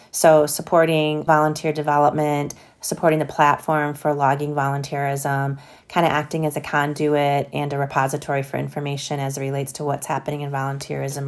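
Low-voiced woman explaining foundation work. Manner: conversational, upbeat, frequent hedges like "sort of". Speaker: corporate foundation leader. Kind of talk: interview answers.

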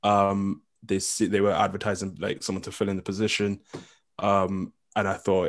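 A young man with an English accent, chatting casually as a guest coach in an interview, full of ums and quick laughs. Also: low-pitched, level tone. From England. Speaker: coach and committee member.

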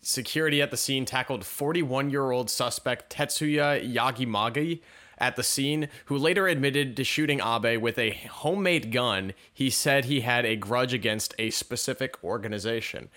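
A man hosts a casual news commentary show, reading headlines and articles aloud and then riffing with sarcastic asides. His voice is medium-pitched with a sharp tone, and he speaks at a normal speed.

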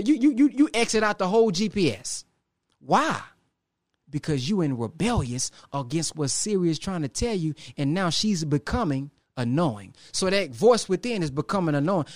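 Male motivational speaker, high voice, dry close mic, preacherly with dramatic pauses. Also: big pitch swings, no echo. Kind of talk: motivational talk to a live audience.

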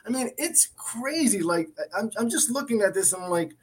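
Man, christian talk show co-host, emphatic, earnest, somewhat high voice, bible talk. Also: lively intonation, fairly quick. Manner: earnest, emphatic, with restarts and repetitions. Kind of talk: Bible teaching in casual chat.

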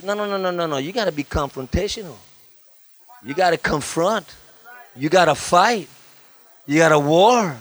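A man. His voice sits fairly high, and he swings between loud, raised bursts and quiet, low-voiced asides, mixing jokes with chanted repetition. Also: normal speed, long pauses. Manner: humorous asides, repeats phrases in a chant. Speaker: guest pastor. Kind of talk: lively sermon. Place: church.

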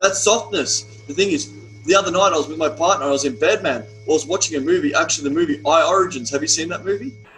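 A man's voice: on the high side, fast talker, a bit bright, slight background noise, poor audio. Blunt, profane young man coach. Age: young adult. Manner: blunt, profane, emphatic storytelling. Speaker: retreat coach, podcast guest. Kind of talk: podcast conversation.

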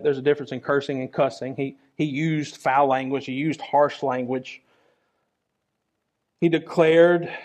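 A man's voice: a little high, darkish tone. A man preaching a sermon in an earnest, conversational way, often repeating his key phrases.

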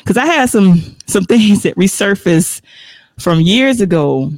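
A woman hosts a casual faith livestream and reads viewer comments aloud. Her voice has a gravelly, creaky edge, and the sound is dry with no room echo. She talks reflectively and laughs often between remarks. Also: medium pitch, expressive, unhurried, a little mellow. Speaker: livestream host.

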